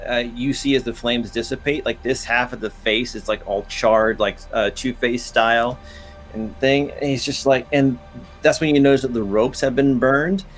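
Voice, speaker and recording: Relaxed man running a tabletop game. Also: mid-range voice, moderate pace, faint music behind. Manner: casual, hesitant narration with fillers. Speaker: game master.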